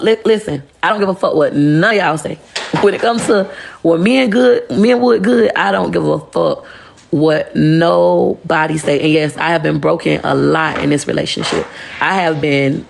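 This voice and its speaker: Blunt, profane woman with a gravelly voice. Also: on the low side. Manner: blunt, profane, animated storytelling. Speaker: livestreamer. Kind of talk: casual livestream monologue.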